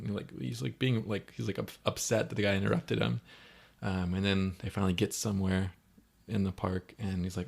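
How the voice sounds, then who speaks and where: A man co-hosting a podcast, casually recapping a movie and acting out characters' lines in quick quoted voices. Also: on the low side, little pitch movement, vocal fry. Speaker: podcast co-host.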